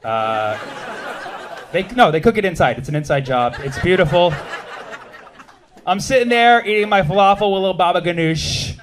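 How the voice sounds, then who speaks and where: A man in his thirties from the United States doing a stand-up set, animated and punchy, with shouted bits and quick asides to the crowd. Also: sits high. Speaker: stand-up comedian.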